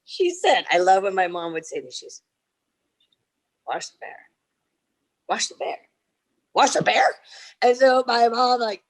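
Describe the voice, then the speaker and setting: A middle-aged woman on a video-call fan panel, telling lively stories and acting out the people in them. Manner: animated, acts out quotes with big leaps in pitch. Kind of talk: casual anecdote telling.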